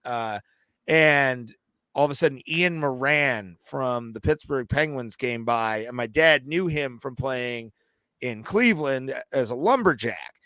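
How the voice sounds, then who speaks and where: A man with a bright, smooth, resonant voice tells an animated, cursing story on a podcast. The sound is dry and close on the mic, with no room around it. He talks like a co-host chatting with a friend. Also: medium pitch, a little slow, dry recording. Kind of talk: casual podcast chat, storytelling.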